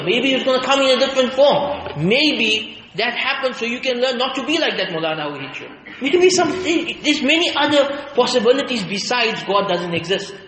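Male preacher, high voice, rhetorical and emphatic, long hall reverb. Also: a little hiss or hum. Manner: rhetorical questions, emphatic and animated. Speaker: lecturer. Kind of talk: Friday sermon lecture. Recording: echoey hall, faint ambience.

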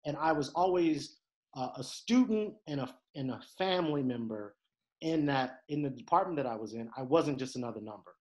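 Animated young man from detroit. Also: mid-range voice, fairly quick. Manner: animated, swings into loud laughing impressions. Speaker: podcast guest. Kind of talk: casual conversation.

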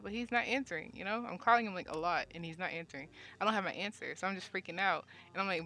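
A woman's voice: on the low side, fast, pushed and bright. A woman telling an emotional story in a casual, rambling way, full of fillers and repeated words, and swearing freely. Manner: rambling, many fillers, repeats herself when upset. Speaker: cast member sharing her side.

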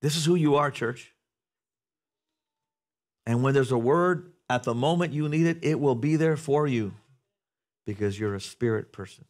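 A man preaching a sermon to a congregation in a church, talking conversationally, asking the room questions and building to loud, animated passages. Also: a little high, moderate pace, pauses often. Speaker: pastor. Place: church sanctuary before a congregation.

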